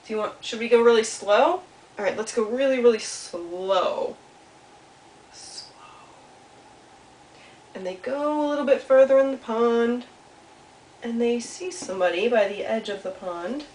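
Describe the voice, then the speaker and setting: Animated woman telling a puppet story. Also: on the high side, moderate pace. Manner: animated, asks the listening children questions. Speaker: children's storyteller. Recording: roomy sound from a distance, faint hiss.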